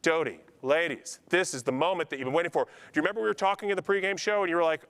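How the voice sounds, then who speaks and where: A man with a gift of gab runs a live charity auction, calling out bids and coaxing bidders by name amid nonstop, talkative banter. His voice is on the high side, a bit bright and clean in tone, delivered rapid-fire with few pauses.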